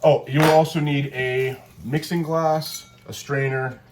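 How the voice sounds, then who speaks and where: A man's voice: on the high side, fairly even intonation, unhurried, background noise. Rambling man making a cocktail at home. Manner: rambling, joking, self-correcting. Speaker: cocktail video co-host. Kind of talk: casual home cocktail demo.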